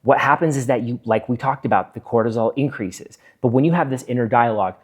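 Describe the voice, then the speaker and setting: A man's voice: medium pitch, quick pace, hardly any pauses, husky. A middle-aged man, a physician hosting his own video, explaining in a casual monologue and acting out bits of inner self-talk. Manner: earnest, acts out inner self-talk in quotes.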